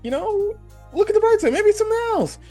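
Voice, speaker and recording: A man voicing a lovesick young male party leader in a squeaky falsetto. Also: sing-song, fast talker, mellow, soft background music. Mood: pleading.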